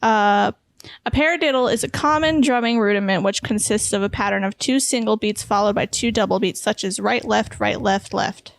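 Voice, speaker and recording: A woman's voice: medium pitch, a little fast, a little hiss or hum. A woman co-hosting a podcast, reading trivia questions aloud in a playful, laughing way. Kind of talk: casual game-show banter.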